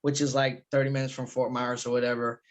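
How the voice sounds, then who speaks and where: A man's voice: mid-range voice, little pitch movement, quick pace. A man, a guest comedian, chatting casually on a podcast and telling loose, profane stories full of fillers.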